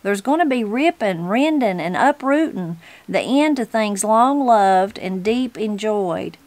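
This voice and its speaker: A woman's voice: medium pitch, expressive, unhurried, a little mellow, no echo. A woman voicing a fierce, shrewd elderly mountain granny. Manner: plain-spoken, stubborn.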